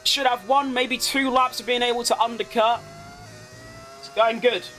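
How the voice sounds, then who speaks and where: A man giving excitable live commentary while playing a racing game, exclaiming at close moments. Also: very high-pitched, normal speed, slight background noise. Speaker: gaming streamer.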